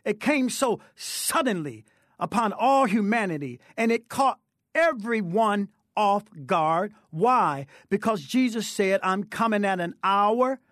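A man's voice: sits high, expressive, slow, fairly bright tone, no echo, studio quality. A man who is a preacher, telling his testimony earnestly in an interview, with a fervent storytelling delivery. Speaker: preacher guest.

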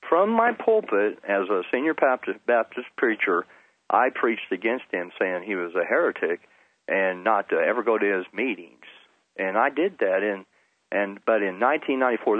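A man's voice: on the low side, no room sound. A middle-aged man, a Baptist pastor, earnestly telling his testimony in an interview, often repeating words for emphasis. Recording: dry, phone-like line.

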